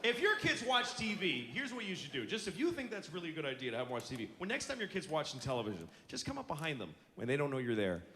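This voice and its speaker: A man's voice: a little high, sing-song, quick pace, few pauses, bright, forceful tone. A middle-aged man doing a stand-up routine on a club stage, ranting bluntly and profanely with exasperation, on a handheld mic. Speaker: stand-up comedian. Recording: roomy live club with audience laughter.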